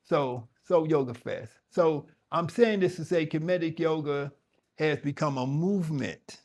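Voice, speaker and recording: A man's voice: a little high, a little slow, a little mellow. Emphatic, conversational man teaching yoga. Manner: conversational, emphatic, with frequent restarts. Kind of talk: spoken talk to a yoga audience.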